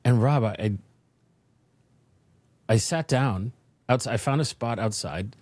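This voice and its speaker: A man guest on a business podcast, telling a personal story in an animated way and acting out the voices in his head. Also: medium pitch, measured pace, dry recording. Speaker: podcast guest, leadership consultant. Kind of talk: interview storytelling.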